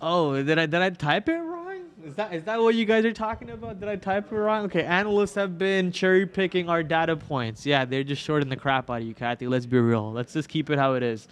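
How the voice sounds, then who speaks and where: Chatty young man with a smooth voice. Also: a little high, fairly quick, few pauses. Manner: rambling, chatty, filler-heavy. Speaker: stock trading livestream host. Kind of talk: casual live market commentary.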